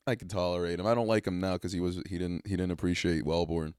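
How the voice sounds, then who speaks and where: A man's voice: sits low, steady tone, quick pace, a little mellow, smooth, no echo, studio quality. A man co-hosting a casual podcast, laid-back, answering in short replies and crude jokes. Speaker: podcast co-host.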